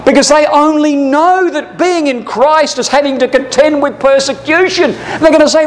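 Male Bible class preacher, high-pitched, fervent, heavy on rhetorical questions. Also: normal speed, hardly any pauses, slight background noise, rough recording. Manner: addresses listeners as brothers and sisters.

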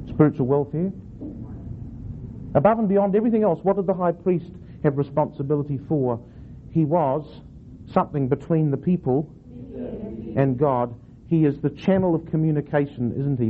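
A man with a slightly raised voice teaches a class how to read a Bible verse. He reads each line slowly, tries out different stresses and quizzes his listeners. The recording sounds thin and phone-like, with a faint hiss behind it. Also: fairly high pitch. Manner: reads verses aloud slowly, then asks the class questions. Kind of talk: teaching scripture reading with varied emphasis.

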